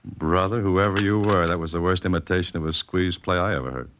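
A wry, self-assured detective, played by a man in a 1940s radio drama, with a very low voice and a dry, wisecracking delivery. He gives orders coolly. The old broadcast sound is dull and lo-fi. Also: steady tone, brisk, loud music behind the voice, lightly acted. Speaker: private detective.

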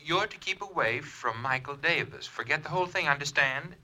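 A stammering, nervous threatening caller. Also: male voice, fairly high pitch, animated, brisk, sharp tone. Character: nervous anonymous male phone caller making threats. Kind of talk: 1940s radio acting.

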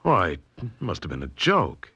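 An anxious young painter in a 1940s radio drama, voice low-ish but lively and bright. He keeps firing eager, worried questions. The old broadcast sound is dull and lo-fi. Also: normal speed, husky, full character voice.

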